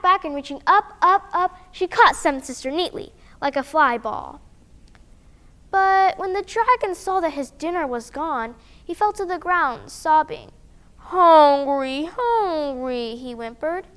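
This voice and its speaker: Animated woman reading a children's story. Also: high-pitched. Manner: animated and expressive, with sound effects. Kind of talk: reading a children's picture book aloud.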